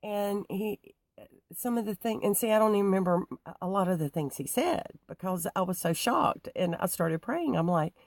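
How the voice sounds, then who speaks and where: A woman telling a personal story to her viewers, halting with many restarts and fillers. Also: medium pitch, animated, no echo. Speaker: YouTuber.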